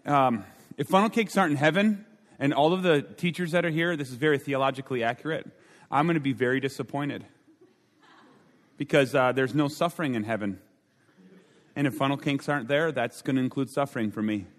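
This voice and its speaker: Brief: young male chapel speaker, bantering and comedic, long hall reverb. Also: brisk. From Minnesota. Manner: joking, high-energy, audience banter. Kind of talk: comic sermon opener.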